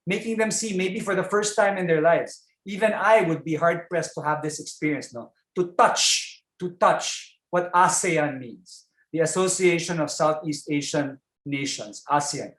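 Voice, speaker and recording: Chatty Filipino man, echoey call. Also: on the high side. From Philippines. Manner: chatty, warm asides, frequent fillers and tag "no?". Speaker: keynote speaker. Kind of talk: informal keynote speech over a video call. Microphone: video call.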